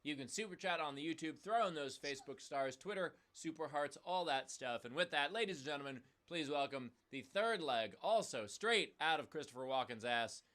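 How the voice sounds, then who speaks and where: A man's voice: on the high side, lively intonation, normal speed, few pauses, bright, forceful tone. A man hosting a casual comedy show, joking around and acting out both sides of his stories. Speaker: host. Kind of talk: casual comedy chat and storytelling.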